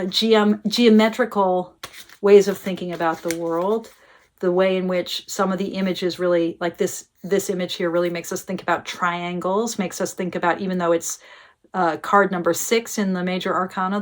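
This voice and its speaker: Woman tarot teacher, mid-pitched, thoughtful and explanatory, checks in with viewers. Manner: thoughtful, checks in with listeners, many filler uhs. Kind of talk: explanatory talk to camera.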